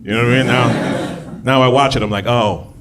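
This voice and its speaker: A man performing a stand-up comedy set, talking conversationally and jumping into loud shouted bits when he acts out voices. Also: mid-range voice, fairly even intonation, fairly quick, background noise.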